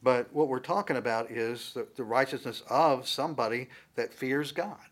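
Speaking at normal speed with a medium-pitched voice, a man delivers a Bible-teaching sermon as a pastor. He keeps it conversational but builds to loud, emphatic stress on key words.

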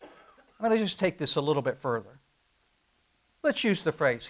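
A middle-aged male pastor preaching a sermon, swinging from loud stressed phrases down to quiet asides. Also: sing-song, fairly quick. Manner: emphatic, rising to loud stresses then dropping low.

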